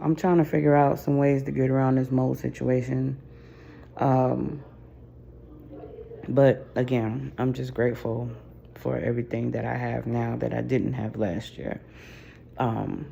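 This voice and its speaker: Tired woman with a gravelly voice. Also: mellow, highs cut off, slight background noise. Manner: tired, low-energy, sighing, heartfelt. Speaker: vlogger. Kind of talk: casual personal vlog. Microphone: camera mic.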